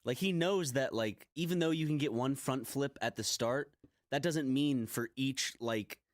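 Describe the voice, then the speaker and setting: A man's voice: mid-range voice, unhurried, no echo, clean studio sound. A man in a rambling, joking casual chat while gaming. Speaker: co-host.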